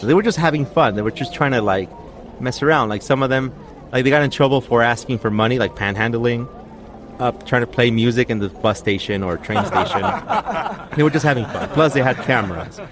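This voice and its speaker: A man's voice: mid-range voice, animated, fairly quick, background noise. A man hosting a podcast, telling a mystery story in a rambling, chatty way, often correcting himself mid-sentence. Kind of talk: casual storytelling chat.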